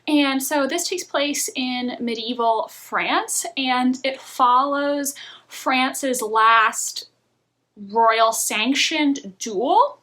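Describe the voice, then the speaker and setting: A woman's voice: fairly high pitch, lively intonation, takes it slowly, bright, forceful tone. A woman chatting candidly in a casual video review of shows and films, laughing now and then. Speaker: book and film reviewer.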